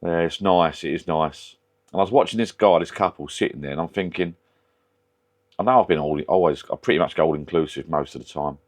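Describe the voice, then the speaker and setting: A man with a very deep, low voice rambles casually into a camera mic from his garden shed pub. He drifts off on tangents and swears now and then, chatting away to his viewers. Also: a little fast. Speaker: vlogger. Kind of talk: casual chat.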